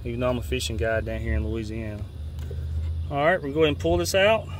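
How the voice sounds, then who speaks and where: A man from Georgia with a Southern accent, a fishing guide giving a casual step-by-step how-to demonstration outdoors, folksy and relaxed, often restarting his phrases. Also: medium pitch, fast talker. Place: outdoors beside a boat. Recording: faint outdoor noise.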